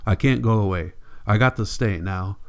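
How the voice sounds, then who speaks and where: A man reading the part of a weary older male drifter who refuses to leave his land, in a quiet, resigned rural drawl. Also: lowish voice, normal speed, clean tone, close to an everyday voice. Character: weary old male drifter clinging to home.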